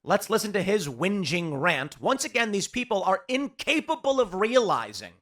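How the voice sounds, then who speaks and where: Animated, sarcastic male commentator. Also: sits high, moderate pace. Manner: sarcastic, mocking. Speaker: political commentator. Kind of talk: reaction commentary.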